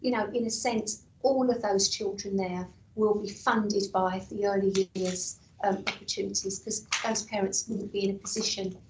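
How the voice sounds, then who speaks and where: Hoarse woman officer, far off in an echoey room. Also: mid-range voice, steady tone, normal speed, few pauses, slight background noise. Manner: hesitant, repeats words, many fillers. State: losing her voice, coughing. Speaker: council officer. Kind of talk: explaining at a committee meeting.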